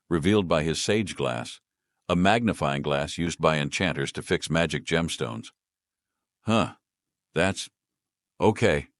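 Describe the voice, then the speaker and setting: A man reading a story as scripted narration in a steady storytelling manner. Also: very deep voice, dry recording, studio quality.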